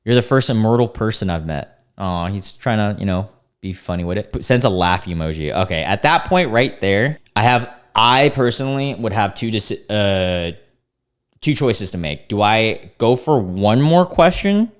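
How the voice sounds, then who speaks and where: Reading dating-app chats from screenshots, a young commentary host sounds amused and relaxed, frequently starting lines over. His lowish voice is expressive and clean, at a normal speed, in a casual reaction format.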